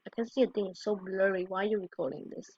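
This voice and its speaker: On a dry, dull lo-fi recording with no echo, a woman YouTuber comments on fail clips, exclaiming quick reactions. Her voice is medium-pitched and her pace is quick.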